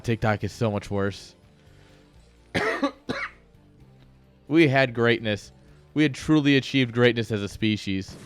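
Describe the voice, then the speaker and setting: A man's voice: mid-range voice, clean tone. Rambling, joking man casting a game. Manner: rambling, joking asides, chuckles at himself. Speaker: esports caster. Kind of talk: casual live-stream game commentary.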